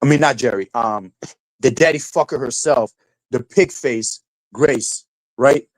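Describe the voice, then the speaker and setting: A young man streaming live who rants and swears, mocking people in a high falsetto now and then. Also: a little slow, no echo, rough recording. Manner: ranting, profane, mocking, falsetto mimicry of quotes. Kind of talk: casual live-stream rant.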